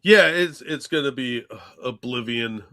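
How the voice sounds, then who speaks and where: Bright-voiced, sardonic man co-hosting. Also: medium pitch, unhurried. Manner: dismissive, sardonic banter. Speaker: show co-host. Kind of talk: casual political chat show.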